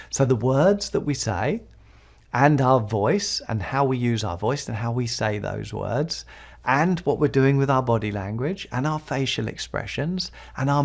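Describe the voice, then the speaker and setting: A man giving conversational advice as a speaking coach on a podcast, often adding tag questions. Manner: conversational, tag questions, animated pitch swings.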